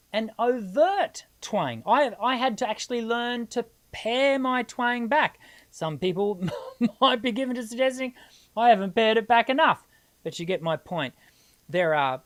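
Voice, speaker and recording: An Australian woman, a singing teacher hosting a live question-and-answer stream, explaining in a lively way and laughing easily. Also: mid-range voice.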